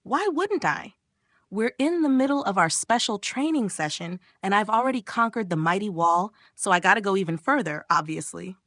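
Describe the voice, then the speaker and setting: A woman's voice: medium pitch, animated, normal speed, a bit bright, no room sound. Woman doing a smug teasing young guy, cocky, dry close sound.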